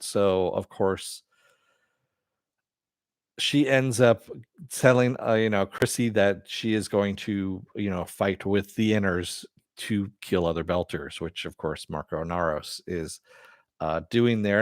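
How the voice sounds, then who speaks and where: Man, live-stream review host, casual, rambling, laughs a lot, fairly low voice. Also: dry recording, clean studio sound. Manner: rambling, laughs often, many fillers. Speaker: show host.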